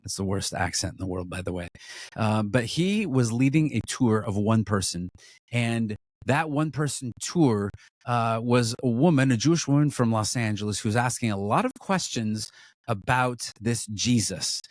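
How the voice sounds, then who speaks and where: Guy talking ministry fundraising, earnest, keeps restarting, mid pitch, dry sound. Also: animated, no echo. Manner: earnest, halting with many restarts. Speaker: ministry co-leader. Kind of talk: casual fundraising chat.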